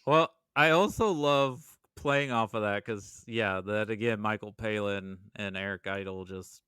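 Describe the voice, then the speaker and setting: A man's voice: fairly low pitch, unhurried, a bit bright, clear, resonant tone, dry recording, studio quality. A man as a podcast guest, chatting casually and retelling film scenes with laughter. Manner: laughing storyteller, acts out quoted lines. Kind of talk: casual chat.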